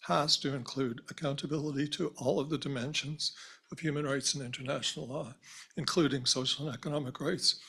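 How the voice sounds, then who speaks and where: A hoarse man giving an earnest academic panel talk, losing his voice and clearing his throat often, with measured phrasing and restarts. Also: medium pitch, steady tone, sharp tone. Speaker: symposium panelist. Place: university lecture hall.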